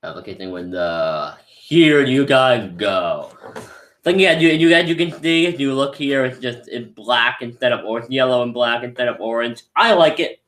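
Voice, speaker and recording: A young man gives an enthusiastic, rambling live movie review, restarting his sentences as he goes. His voice sits at a middling pitch, and the room around him is echoey. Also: expressive, moderate pace, a bit bright. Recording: roomy echo.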